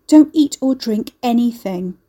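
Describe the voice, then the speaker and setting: Woman doing a frantic young woman, urgent, panicked, mellow. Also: a little high, expressive, measured pace, pitched above the performer's own voice. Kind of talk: audiobook character voice.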